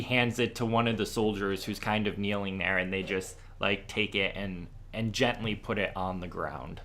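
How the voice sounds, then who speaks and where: A man's voice: fairly low pitch, fairly even intonation, moderate pace, few pauses, darkish tone, slight background noise. A man narrating as game master in a tabletop game, hesitant and full of restarts.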